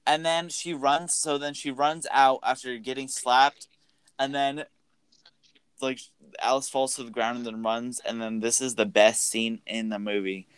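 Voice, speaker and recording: A man's voice: medium pitch, steady tone, measured pace, a bit bright, clear, resonant tone, no echo, rough recording. A man casually recapping a film's plot as a podcast co-host, rambling with many fillers. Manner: rambling, filler-heavy storytelling.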